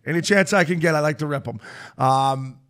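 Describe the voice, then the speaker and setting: A man hosting a podcast, telling animated, profane hockey stories in casual chat and acting out quotes. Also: on the high side, normal speed, crowd noise. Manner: animated storyteller, swears freely, acts out quotes. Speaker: podcast host.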